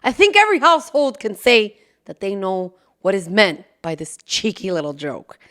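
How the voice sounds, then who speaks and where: With a medium-pitched voice that swings hugely up and down, a woman hosts a casual podcast by herself at a moderate pace. She's loud-mouthed and profane, laughing, dropping Spanish phrases and whispering loudly for asides.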